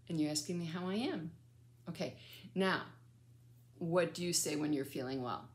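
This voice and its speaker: An older woman, a grandmother, giving a patient sing-song French lesson to a child and repeating each phrase slowly. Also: on the low side, animated.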